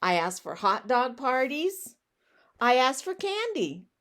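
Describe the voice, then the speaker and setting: A woman voicing a pushy, whiny male pigeon who keeps demanding things, in a loud, insistent, complaining way. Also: high voice, sing-song, slow pace, voice pushed up, full character voice. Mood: indignant.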